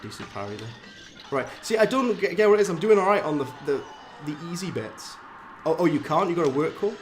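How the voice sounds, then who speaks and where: A man from South Wales with a Valleys accent, chatting casually on a live game stream, self-mocking and jumping up in pitch when frustrated. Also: lively intonation, fairly quick, noisy background. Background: game music.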